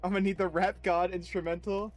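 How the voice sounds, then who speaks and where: High-pitched guy streaming a game, laughs a lot, chatty, faint music behind. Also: flat delivery. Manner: chatty, laughs often, reads dialogue aloud fast and loud. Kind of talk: casual game-stream chat.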